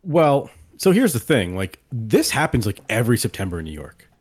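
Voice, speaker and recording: A man's voice: medium pitch, sing-song, normal speed, darkish tone, breathy edge. A man co-hosting a podcast in casual chat, laid-back and chiming in with quips. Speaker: podcast co-host.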